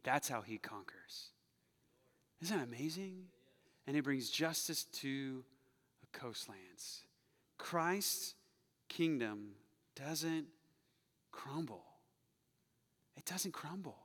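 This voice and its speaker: Man, pastor, sermon, animated and jokey, bright voice, long hall reverb. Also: a little high, slow pace, long pauses. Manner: animated and jokey, swinging from loud hype to hushed calm.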